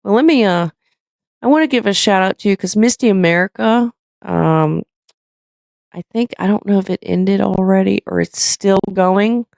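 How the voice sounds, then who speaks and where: A woman's voice: medium pitch, normal speed, gravelly, a little mellow, no echo, clean studio sound. A woman hosting a live stream, chatting casually, rambling with lots of fillers and reading viewer comments aloud.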